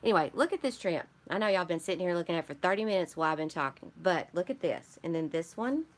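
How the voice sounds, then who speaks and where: A woman's voice: fairly low pitch, expressive, fast. Chatty woman with a Michigan accent. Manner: rambling, chatty, greets and answers viewers. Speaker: craft channel host. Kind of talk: casual live-stream chat.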